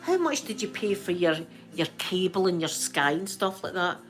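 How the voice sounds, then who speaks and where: A woman's voice: fairly low pitch, big pitch swings, moderate pace, faint music behind. A Scottish woman quoting a creepy pushy postman. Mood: prying.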